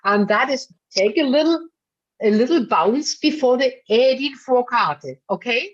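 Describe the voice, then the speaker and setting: A woman's voice: fairly high pitch, lively intonation, measured pace. A woman leading a singing masterclass, coaching a singer bluntly but affectionately and calling her darling. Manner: blunt, chatty, full of fillers. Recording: dull lo-fi recording.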